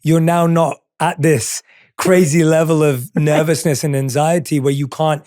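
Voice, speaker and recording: A man's voice: fairly high pitch, steady tone, normal speed, a little mellow, no echo, studio quality. A man hosting a podcast interview, chatting casually and agreeing supportively with his guest. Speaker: podcast host.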